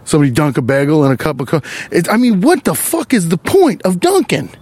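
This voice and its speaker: Animated, swearing man ranting outdoors. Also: a little high, fairly quick. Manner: animated, profane, exasperated ranting. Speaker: podcast host. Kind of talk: comic rant while walking. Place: outdoors on a wooded trail.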